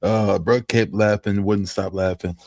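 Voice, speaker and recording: A man's voice: fairly low pitch, steady tone, unhurried, darkish tone, dry recording. A man hosting a casual watch-along, commenting on and teasing his own interviews. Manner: teasing, laughs at guests.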